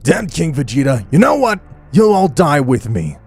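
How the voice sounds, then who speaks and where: A man's voice: mid-range voice, lively intonation, normal speed, a little mellow, faint music behind, close to an everyday voice. Guy doing a gloating alien tyrant king, darkish tone, kinda triumphant.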